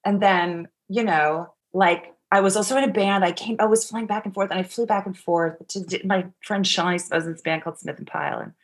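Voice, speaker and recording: A woman's voice: medium pitch, fairly even intonation, brisk, few pauses. A middle-aged woman telling a personal story as an interview guest, rambling with lots of "like" and frequent swearing. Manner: rambling, profane, heavy use of "like".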